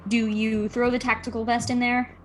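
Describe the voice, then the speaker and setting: A woman narrating as game master, explaining rules and scenes in a relaxed way, with frequent fillers. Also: on the high side, moderate pace, slight background noise.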